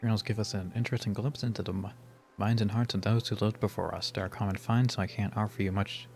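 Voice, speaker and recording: Grumpy old bug hoarder , a man puts him on, rough fake accent, lowish voice. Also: fairly even intonation, quick pace, a little mellow, soft background music. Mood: gruff. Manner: grumbling, rough put-on accent. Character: gruff old male bug relic collector. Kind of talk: reading game dialogue aloud.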